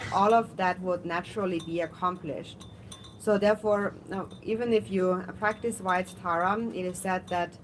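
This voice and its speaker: A woman with a fairly low voice interprets a religious teaching. She pauses and hedges often with "um" as she searches for each phrase. Faint background noise runs beneath her. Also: low-quality recording. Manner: halting, with frequent 'um' pauses.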